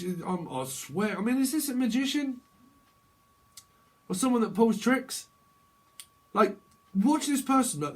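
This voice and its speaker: A man giving a rambling, jokey tarot reading, laughing often between his thoughts. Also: high-pitched. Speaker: tarot reader. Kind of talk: casual tarot reading monologue.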